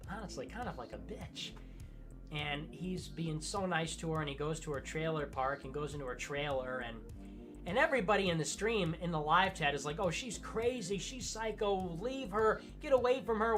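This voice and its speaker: A man co-hosting a livestream, retelling a stream at length in an animated way and mimicking people in high-pitched voices. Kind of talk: livestream chat.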